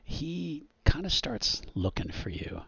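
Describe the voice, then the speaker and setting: A man's voice: a little high, big pitch swings, slow pace, gravelly, husky, dull audio. A man narrating a tabletop game as game master, hesitant and full of ums and restarts.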